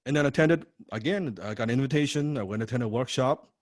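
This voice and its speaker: A man teaching a copywriting course, telling a personal story in an animated, profane way, often repeating words and tagging lines with "right?". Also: mid-range voice, fast, no room sound, studio quality. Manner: frequent rhetorical "right?". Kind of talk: personal story told in a lecture.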